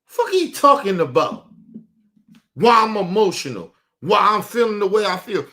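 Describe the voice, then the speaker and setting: Young man, profane live-stream rant; high, swinging voice. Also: lively intonation, moderate pace. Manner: profane, heated, swings from low and quiet to loud outbursts.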